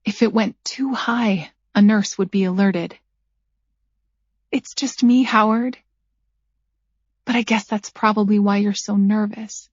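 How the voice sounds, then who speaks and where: A woman narrating a first-person thriller audiobook at a measured pace, her character's lines dryly sarcastic. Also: mid-range voice, fairly even intonation, no room sound. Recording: dull lo-fi dry recording.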